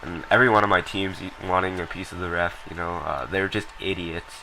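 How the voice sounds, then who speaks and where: A man's voice: deep voice, steady tone, a little fast, bright, forceful tone, a little hiss or hum, poor audio. A young man casually commenting over a recorded hockey match, rambling with lots of ums and blunt, profane remarks. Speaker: gameplay commentator.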